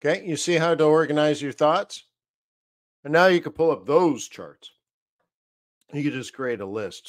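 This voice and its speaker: This trading analyst's mid-range voice moves at normal speed as he hosts a live stream and casually works through market charts. He rambles and thinks aloud as he goes, recorded in studio quality with no room sound.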